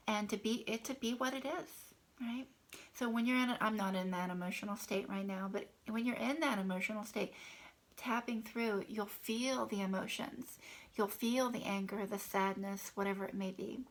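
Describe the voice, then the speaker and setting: Woman leading tapping affirmations, breathy and a bit gravelly, half whispering. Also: mid-range voice, steady tone, moderate pace, rough recording. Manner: soft, half-whispered affirmations between plain explanations. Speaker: tapping coach. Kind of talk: guided tapping instruction.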